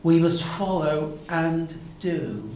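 A man preaching a sermon, expounding Bible passages slowly and turning to the congregation with asides. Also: a little high, expressive, darkish tone, slight background noise. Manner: slow, measured Bible exposition with asides to the congregation. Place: church hall. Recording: echoey hall, faint ambience.

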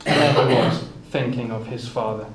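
In an echoey room with faint ambient noise, a man with a mid-range voice and fairly even intonation preaches a Bible exposition at a moderate pace. He reads King James scripture aloud and stumbles over repeated words as he explains it.

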